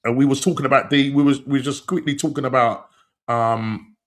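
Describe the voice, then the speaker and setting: A man hosting a casual football podcast, talking in excited, slangy bursts and repeating phrases. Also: medium pitch, fairly quick. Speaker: podcast host.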